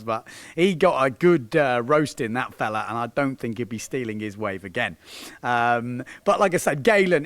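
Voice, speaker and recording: A man's voice: mid-range voice, no room sound. A man, a windsurfing coach hosting a video, joking and laughing as he talks over clips of his students. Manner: jokey, laughing, shouts encouragement. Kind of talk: casual commentary over video.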